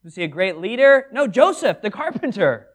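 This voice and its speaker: A man's voice: sits high, normal speed. A man preaching a Bible study sermon, reading verses aloud and acting out the dialogue in them. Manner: animated, acts out scripture dialogue.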